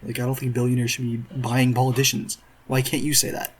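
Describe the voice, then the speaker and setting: A man's voice: mid-range voice, little pitch movement, fairly quick, husky. A man doing reaction commentary in a profane, sarcastic, exasperated rant. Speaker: commentary YouTuber.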